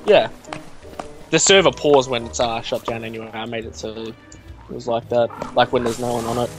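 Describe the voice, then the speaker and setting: A young man co-hosting a let's play, chatting in an excitable way and laughing often, over a headset or desk mic. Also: mid-range voice, brisk, soft background music. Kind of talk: casual gaming chat.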